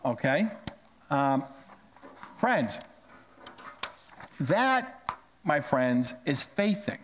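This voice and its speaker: A male pastor delivers a sermon in a fairly high, very lively voice. He leans hard on key words, dropping low to land them. He poses questions to the congregation and answers them himself. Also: unhurried, slight background noise. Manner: emphatic, drops pitch to stress key words; asks and answers his own questions.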